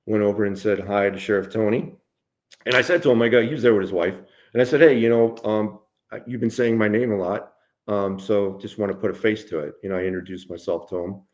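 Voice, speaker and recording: A man's voice: on the low side, darkish tone, muffled recording. A middle-aged man, a former police sergeant, telling a story in an interview with blunt, profane language, acting out the dialogue he quotes.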